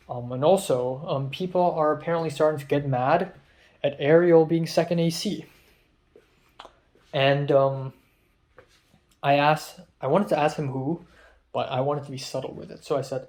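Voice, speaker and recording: A man's voice: on the high side, normal speed, darkish tone. Rambling, stressed young man vlogging. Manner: rambling, filler-heavy, stressed. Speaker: film student. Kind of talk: casual vlog monologue.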